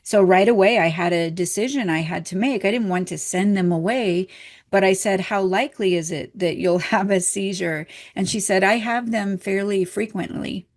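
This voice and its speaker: A middle-aged woman telling a story from her work as a hypnotherapist and spiritual teacher, with soft laughs between her words. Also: medium pitch, moderate pace. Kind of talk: storytelling lesson.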